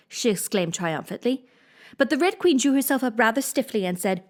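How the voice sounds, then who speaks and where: A woman reading a classic storybook aloud in an expressive manner. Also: medium pitch, a little fast. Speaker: reader.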